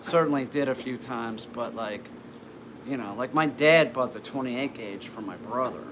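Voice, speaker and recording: A man's voice: mid-range voice, normal speed. Rambling man telling a story over background noise. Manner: rambling, with frequent restarts and fillers. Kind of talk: casual personal anecdote. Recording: noisy background ambience.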